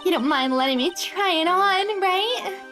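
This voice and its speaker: A woman voicing a bubbly young woman animal tamer in a high, airy voice. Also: lively intonation, measured pace, pushed and bright, faint music behind, exaggerated voice. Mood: chirpy.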